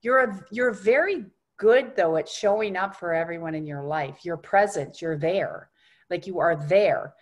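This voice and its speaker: A woman guiding an energy-healing session, speaking softly and reassuringly, often dropping to a hushed tone. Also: on the low side. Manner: unhurried, reassuring coaching. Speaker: energy healer.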